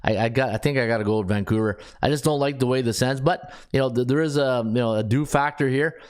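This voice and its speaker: A man's voice: mid-range voice, quick pace, clean tone. A man hosting a sports betting podcast, thinking aloud as he checks stats, with frequent restarts and filler words. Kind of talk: casual solo analysis.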